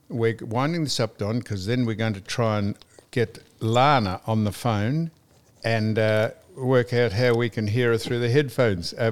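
Aussie guy hosting radio chat, blunt, swears a lot, mid pitch. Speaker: radio host.

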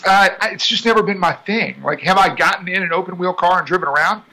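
Chatty man, bright voice. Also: high-pitched, fast talker, rough recording. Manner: chatty, laughs often, animated asides. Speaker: racing driver guest. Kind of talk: casual interview chat.

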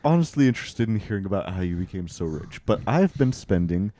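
Man, podcast host, casual comedy chat, excitable, laughing, low warm voice, dry sound. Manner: excitable, laughing, quick to push back.

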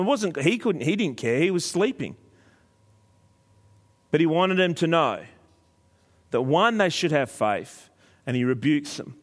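A man's voice: fairly high pitch, big-room sound. A middle-aged man preaching a sermon as a pastor, telling stories animatedly and acting out quoted voices.

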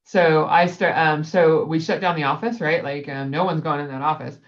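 Telling a rambling work story full of fillers, this guest, a sales director, laughs readily during a casual chat. The voice is mid-range and steady, at a normal pace, with the high frequencies missing.

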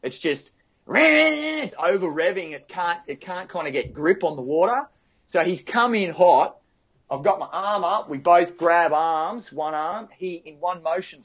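A man with a voice on the high side and slightly rough tells a vivid surf rescue story as a guest, heard through dull audio. He restarts often and fills his casual storytelling with "you know" and "like".

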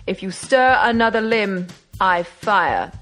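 A woman's voice: mid-range voice, animated, takes it slowly, fairly bright tone, faint music behind. Woman playing a stern old count. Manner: stern threats. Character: stern aristocratic male count, armed and angry.

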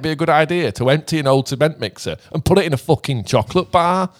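A young British man in casual chat, animated and rambling, swearing and laughing often. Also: on the high side, fairly quick. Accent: British English. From Britain.

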